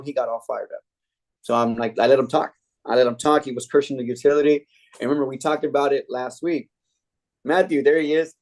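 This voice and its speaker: A man leading a sales training meeting, telling a sales story with lively energy. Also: mid-range voice, a little fast. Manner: energetic storytelling, acting out customer quotes. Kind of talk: team training talk.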